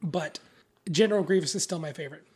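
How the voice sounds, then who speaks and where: A woman's voice: low voice, fast, darkish tone, breathy edge. A young woman co-hosting a casual movie-recap chat, rambling and swearing freely as she talks.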